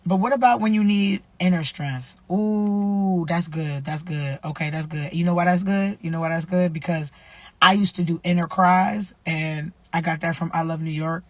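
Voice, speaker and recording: A woman's voice: lowish voice, moderate pace, no echo. Woman giving a casual, preachy devotional talk. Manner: conversational, repeats herself, slangy, preachy. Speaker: vlogger running a nonprofit.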